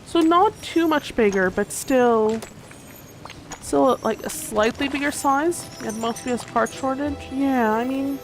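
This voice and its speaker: Rambling sleepy woman streamer, fairly high voice. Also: unhurried, faint music behind. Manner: rambling, chatty, many fillers and restarts. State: sleepy, yawning. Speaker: gaming streamer. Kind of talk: casual livestream chat while gaming.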